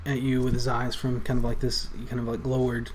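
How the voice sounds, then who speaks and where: A man narrating a tabletop game as game master, relaxed and halting. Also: medium pitch, slight background noise, low-quality recording. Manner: relaxed, halting, many fillers.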